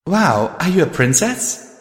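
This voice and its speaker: A man voicing a tiny female unicorn foal with a high, squeaky, childlike voice. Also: expressive, unhurried, echoey room, big-room sound, lightly acted. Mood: innocent. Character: tiny lavender unicorn filly, sweet then eerie.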